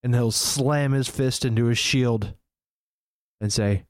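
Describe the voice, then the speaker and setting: A man's voice: medium pitch, little pitch movement, moderate pace, no room sound. A man playing a tabletop game, describing his character's actions in a plain, matter-of-fact way. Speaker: player.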